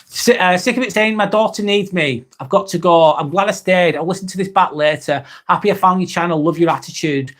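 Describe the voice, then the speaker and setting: A man's voice: high voice, a little fast, hardly any pauses. Chatty man hosting a live vlog. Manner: relaxed and chatty, with frequent ums and casual swearing. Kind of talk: casual live-stream chat reading out viewer comments.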